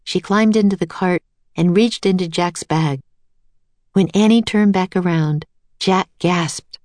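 Calm woman storybook narrator, slightly low voice, dry close recording. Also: unhurried, no echo.

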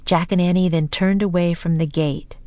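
A woman narrating a children's storybook in a calm, measured way, slowing for suspense. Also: fairly low pitch, no echo. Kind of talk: storybook reading.

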